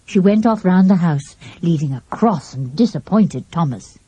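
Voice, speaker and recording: A woman reading a children's mystery aloud in a lively, expressive storybook style. Her voice is mellow and slightly husky, and her pitch moves a great deal. The recording is close-miked and dry. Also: moderate pace, no echo, dull audio. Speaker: audiobook narrator. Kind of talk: storybook narration.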